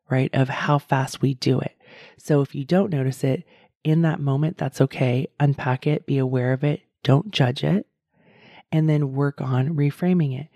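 A woman's voice: low-pitched, gravelly, dark tone, no room sound, studio quality. A middle-aged woman hosting a solo podcast as a coach, talking earnestly and encouragingly straight to her listeners.

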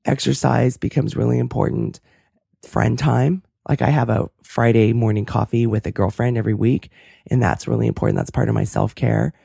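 Hoarse woman podcast host, earnest and reflective, dry close sound. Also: extremely low pitch, steady tone, normal speed, warm tone, no room sound. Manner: earnest, thoughtful, self-deprecating. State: hoarse, cracking voice. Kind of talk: casual interview chat and solo reflection.

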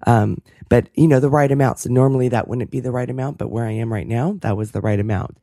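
A woman hosting a podcast with a hoarse, cracking voice, talking in an earnest, thoughtful way. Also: extremely low pitch, quick pace, warm tone, no room sound, clean studio sound. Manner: earnest, thoughtful, self-deprecating. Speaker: podcast host. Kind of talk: casual interview chat and solo reflection.

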